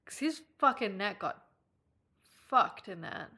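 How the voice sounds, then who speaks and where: Bright giggly Irish woman streamer. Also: medium pitch, slow. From Ireland. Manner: chatty, giggly, swears freely, squeals when excited. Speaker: live-stream host. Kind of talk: casual chat, reading live chat.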